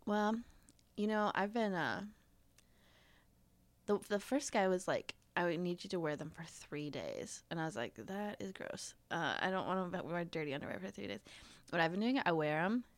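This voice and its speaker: A woman's voice: lowish voice, lively intonation, moderate pace, dry recording. A woman in her thirties, a little congested, telling a story in casual chat with lots of fillers and laughter. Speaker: podcast guest.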